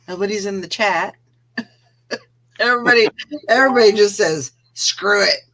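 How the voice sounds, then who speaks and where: A woman's voice: mid-range voice, normal speed, a bit bright. A woman co-hosting a casual live-stream morning show, laughing easily and trailing off mid-sentence. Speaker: co-host of a reseller morning show.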